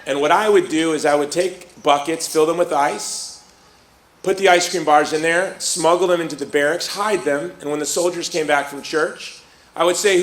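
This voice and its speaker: A man's voice: on the high side, moderate pace, roomy sound. A middle-aged man from Chicago telling a personal story to a live audience, acting out the people he quotes. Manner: lively storyteller who acts out quoted voices. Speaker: speaker.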